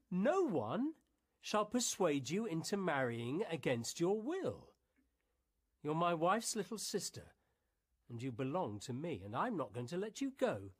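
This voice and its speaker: Actor as a stern, kind husband, husky, measured, lively inflection, old film. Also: male voice, fairly high pitch, full character voice. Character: stern but kind husband, firm and protective. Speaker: husband and head of the house.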